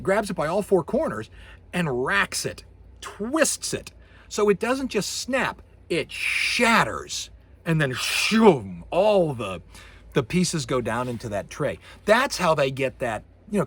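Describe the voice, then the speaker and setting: A man giving a recorded university lecture, animated, acting out sound effects with his voice. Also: fairly high pitch, a little slow, husky.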